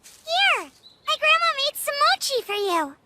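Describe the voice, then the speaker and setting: An actress voicing an excitable little village girl who talks in a bubbly, childish way. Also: very high voice, measured pace, exaggerated voice. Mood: excited. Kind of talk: anime dub acting.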